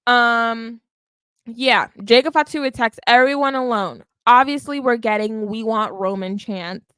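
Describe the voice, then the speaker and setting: Podcast lady recapping a wrestling show, animated and pushy, keeps going "okay?", dry close sound. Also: fairly high pitch, measured pace, smooth, dry recording. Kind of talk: live watch-along recap.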